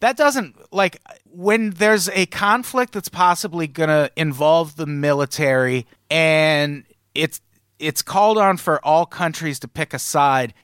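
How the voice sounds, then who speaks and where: A slightly higher-voiced man co-hosts a comedy news podcast, reading headlines and then tearing into them with sarcastic asides. His voice is recorded dry and close, with no room sound. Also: fairly bright tone, no echo. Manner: sarcastic, reads news items then riffs. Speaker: podcast co-host.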